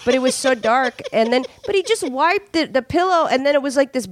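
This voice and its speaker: A woman's voice: high-pitched, expressive, a little fast, no echo, studio quality. Frank, rambling woman telling stories. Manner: candid, rambling storyteller with laughs. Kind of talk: frank comedic chat.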